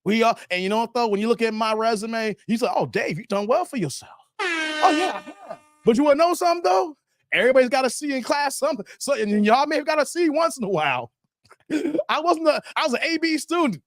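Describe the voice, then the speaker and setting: A middle-aged man hosts a live stream, chatting casually and reading viewers' comments aloud in a very high, animated, quick voice at studio quality with no room sound. He laughs often and repeats his phrases, his voice tired from hours of streaming.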